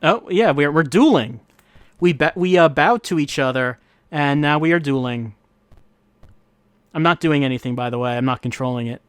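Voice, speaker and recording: A man's voice: on the high side, moderate pace, clean tone, no room sound. A man giving casual gameplay commentary as host, wry and musing, thinking aloud as he plays. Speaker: let's-play host. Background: faint game music.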